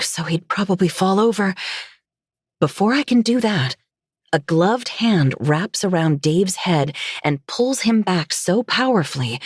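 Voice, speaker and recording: A woman reading a first-person story aloud in a steady, measured way. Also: fairly low pitch, dry recording, clean studio sound. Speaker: narrator.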